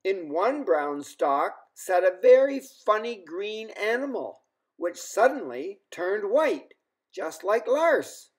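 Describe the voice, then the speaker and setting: A man telling a children's story in an unhurried, expressive way. His voice sits fairly high for a man. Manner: slow, expressive. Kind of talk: children's story read-aloud.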